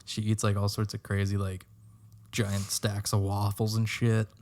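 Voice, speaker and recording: A man's voice: lowish voice, monotone, a little slow, darkish tone. A man co-hosting a casual podcast, talking in a laid-back way with lots of filler words and casual swearing. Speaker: podcast co-host. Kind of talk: casual chat.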